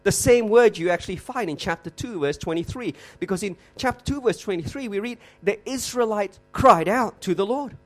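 A man preaching an expository sermon, emphatic, slowing down and repeating words for effect, with rhetorical questions. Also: high-pitched, lively intonation, soft background music.

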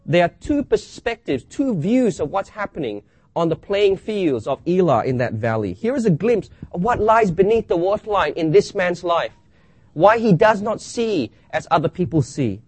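A man preaching a sermon, reading scripture aloud and asking rhetorical questions with dramatic pauses. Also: sits high, sing-song, a little mellow, husky, no room sound.

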